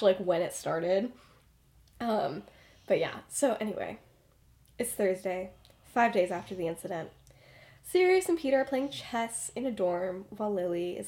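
A woman's voice: medium pitch, darkish tone. A young woman hosting a podcast, casually retelling a story with lots of fillers. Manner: chatty, lots of fillers and laughs. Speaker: podcast host.

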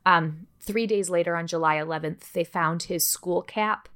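A woman's voice: lowish voice, moderate pace, fairly bright tone. A woman co-hosting a podcast, telling a true-crime story in a casual, chatty way, cursing freely and dropping joking asides. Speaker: podcast co-host.

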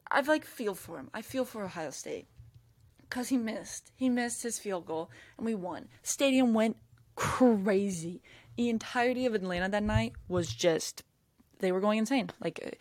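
A woman's voice: medium pitch, brisk, no echo. A young woman hosting a podcast, telling a story in casual chat and acting out what people said. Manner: excitable storyteller who acts out quotes. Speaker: podcast host. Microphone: camera mic.

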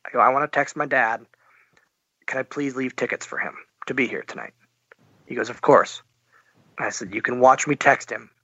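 A man's voice: mid-range voice, moderate pace, pauses often, sharp tone, husky, dry recording, lo-fi sound. A man as a podcast guest, telling a story animatedly and acting out the dialogue. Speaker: interview guest. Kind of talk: podcast interview.

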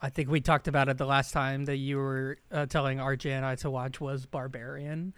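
A man's voice: medium pitch, flat delivery, a little fast, a bit bright, clean tone. A man co-hosting a podcast in casual chat, laid-back and laughing often, with "like" in nearly every phrase. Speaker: podcast co-host.

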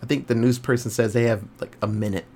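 A young man co-hosting a podcast, casually retelling a movie plot with animated quoted voices and some swearing. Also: mid-range voice, quick pace. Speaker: podcast co-host. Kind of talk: casual movie review chat.

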